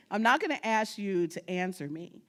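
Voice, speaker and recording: In a mid-range, slightly bright voice, a woman from New York gives a humorous talk as a genealogy guest speaker. She tells stories, laughs a lot, and speaks directly to the audience.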